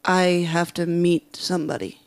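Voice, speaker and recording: A woman's voice: on the low side, fairly even intonation, normal speed, gravelly, voice pushed down. A woman quoting a curt, guarded young man.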